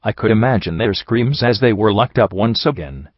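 A man reading a first-person story aloud in a measured, somber way, in a dull, dry home recording. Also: fairly low pitch, lively intonation, dry recording. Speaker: audiobook reader.

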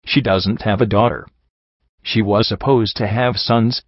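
A man voicing a deranged ghoul stallion prince with a low, booming voice. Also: steady tone, unhurried, no room sound, muffled recording. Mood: raging. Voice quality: booming, boiled-sounding. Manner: grand, menacing, erupting into screams.

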